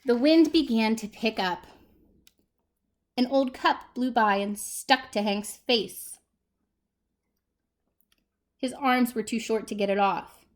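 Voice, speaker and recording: A woman's voice: fairly high pitch, slow pace, long pauses. A woman librarian reading a picture book aloud to preschool children, asking them questions as she goes. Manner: animated, talks to small children.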